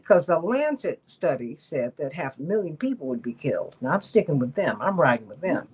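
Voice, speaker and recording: A woman's voice: deep voice, big pitch swings, a little fast, breathy edge. A middle-aged woman hosting political talk radio, emphatic, repeating points for stress and laughing often. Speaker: radio talk show host.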